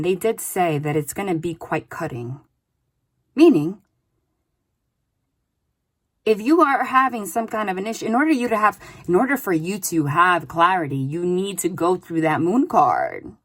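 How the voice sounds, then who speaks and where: A woman's voice: on the low side, big pitch swings, a little slow. A woman giving a casual spoken tarot reading, chatty and loose, often adding "like" and "okay?". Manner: chatty, with many "like" and "okay?" tags. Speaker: tarot reader.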